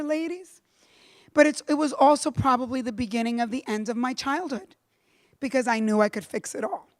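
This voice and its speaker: A middle-aged woman giving a storytelling talk to a live audience, animated, acting out the voices she quotes and slipping in Spanish phrases. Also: high voice. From Cuba. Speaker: keynote speaker. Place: lecture room with a live audience.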